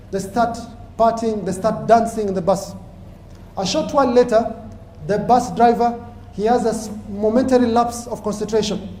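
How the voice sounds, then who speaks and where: A man with a very high voice preaches a cautionary story in an impassioned sermon. His tone is mellow and he builds to emphatic peaks. The recording carries roomy echo with faint background hiss.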